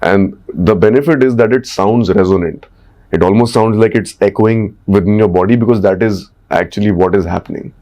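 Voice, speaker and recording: A man's voice: fairly low pitch, fairly quick, dark tone. A man with an Indian English accent, coaching on speaking and voice in a podcast conversation, checking in often with "right?". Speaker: communication coach.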